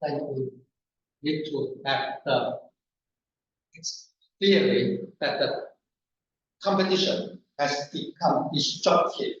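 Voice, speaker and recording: A man presenting an academic paper at a conference panel, in a halting, deliberate way. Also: a little high, crowd noise. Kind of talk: academic lecture. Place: conference room. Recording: distant, echoey, dull conference room recording.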